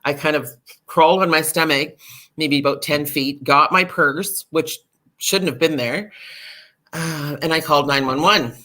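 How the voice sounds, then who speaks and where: A middle-aged woman, a podcast guest, candidly telling a personal recovery story in an animated way, full of fillers. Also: low-pitched, measured pace.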